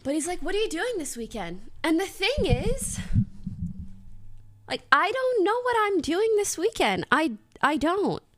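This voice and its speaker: Young woman streamer, high and lively voice, giggly casual storytelling to her chat. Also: a little slow. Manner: giggly, animated storytelling with lots of laughter.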